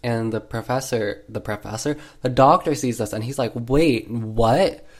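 Male host, mid-pitched, casual sarcastic film recap, lots of filler words. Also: moderate pace. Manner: sarcastic, heavy use of 'like' fillers.

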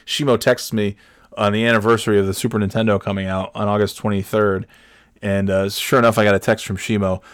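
A man casually telling a funny personal story, animated and swearing freely, acting out what people said. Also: lowish voice, dry recording, clean studio sound. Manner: animated, swears freely, acts out quotes with big shouts.

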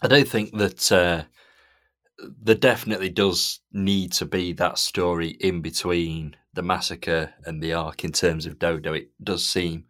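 A man hosting a casual podcast chat, pausing often with ums and passing the talk to his co-hosts. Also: deep voice, no room sound, studio quality. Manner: relaxed, frequent ums, hands over to co-hosts. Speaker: podcast host.

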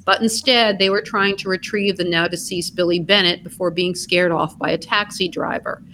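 A woman's voice: fairly low pitch, fairly even intonation, moderate pace, sharp tone, slight background noise, rough recording. A woman co-hosting a podcast, narrating scripted true crime with dry, blunt asides. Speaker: podcast co-host.

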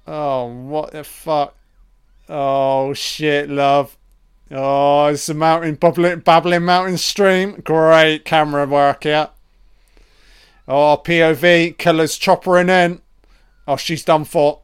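Guy swearing his way through a horror film commentary, kinda high voice, takes his time. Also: takes it slowly, clean tone. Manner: profane, excitable, keeps calling the characters love and baby. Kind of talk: crude live film commentary.

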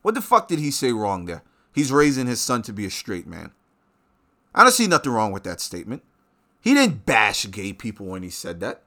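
A man rants on his show in a bright, cutting voice. He swears constantly and keeps jumping into loud outbursts. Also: on the low side, normal speed. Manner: profane, animated ranting with sudden loud outbursts. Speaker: show host. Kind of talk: ranting monologue.

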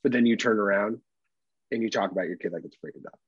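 Young man podcast co-host, husky voice, sweary animated riffing, dull dry recording. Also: lowish voice, quick pace, no room sound. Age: young adult. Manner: profane, animated, acts out exaggerated voices. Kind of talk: casual comedic chat.

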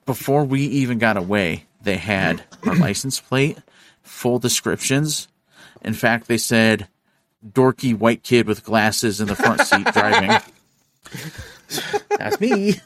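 A man hosting a podcast, telling a story in casual chat, animated and profane, acting out the voices of the people in it. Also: mid-range voice, slow pace, dry recording. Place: studio.

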